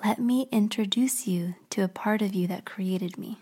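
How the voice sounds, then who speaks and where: A woman voicing Perfectionism, a prim, immaculate female figure with a crisp, composed voice, in a whispered story role-play. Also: medium pitch, slow, dark tone. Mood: assured.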